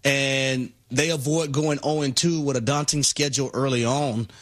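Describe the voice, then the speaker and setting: A male sports radio co-host giving analysis in a measured way, repeating words for emphasis. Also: medium pitch, fairly even intonation, a bit bright.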